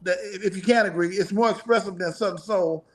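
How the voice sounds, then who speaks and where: A man's voice: high-pitched, quick pace. A middle-aged man, a musician guest in a casual interview, talking in a rambling, profane way and laughing often.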